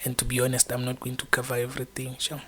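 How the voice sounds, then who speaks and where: A man's voice: mid-range voice, monotone, fast talker, background noise. A young man hosting an informal exam-prep video, talking to camera in a chatty, encouraging way that rambles with frequent fillers. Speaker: student exam-prep channel host.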